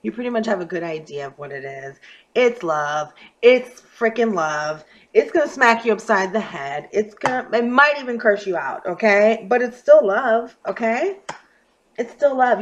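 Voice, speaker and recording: A woman giving a casual astrology and tarot reading to her viewers, talking emphatically and swinging from quiet murmurs to loud bursts. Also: medium pitch, expressive, normal speed, highs cut off. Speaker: tarot reader.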